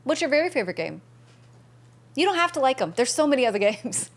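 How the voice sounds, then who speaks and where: A bubbly young woman hosting a game stream, with a fairly high voice. She chats loosely with her viewers, thanking them by name and keeping things upbeat. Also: sing-song, fast. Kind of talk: casual chat with viewers.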